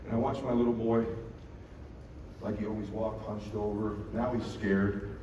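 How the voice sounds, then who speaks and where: A middle-aged man giving a motivational keynote on stage, telling a story in an animated, profane way and acting out the dialogue. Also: lowish voice, normal speed, dull audio. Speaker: keynote speaker. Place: large event hall on stage. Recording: echoey hall from far off with noise.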